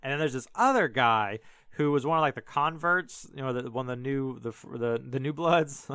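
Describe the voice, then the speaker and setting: A man's voice: medium pitch, moderate pace, a bit bright, clean tone, no echo. A man hosting a podcast, casually retelling a Bible story in a rambling, joking way full of fillers and restarts. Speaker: podcast host.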